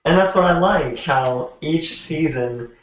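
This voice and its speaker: A man's voice: a little high, slow. A man hosting a casual chat show, asking questions with enthusiasm. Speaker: host. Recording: roomy dull lo-fi stream audio.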